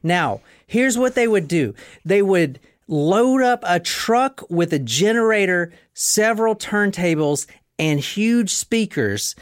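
A podcast host tells a history story in a relaxed, emphatic way, with a mid-pitched voice. The sound is dry and close, with no room around it. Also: slow pace, dry recording. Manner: storytelling, emphatic, casual with profanity. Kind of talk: casual explainer talk.

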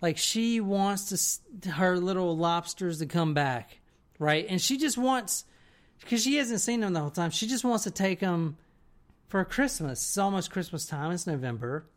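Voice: medium pitch, lively intonation, moderate pace. A podcast co-host telling a story in casual, rambling chat, swearing freely and often checking in with the listener. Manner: rambling, profane, keeps checking in with "right?".

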